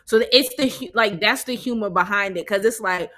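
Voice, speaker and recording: A woman's voice: mid-range voice, brisk, sharp tone. A woman co-hosting a casual livestream chat, explaining her view at length in a thoughtful way. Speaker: co-host.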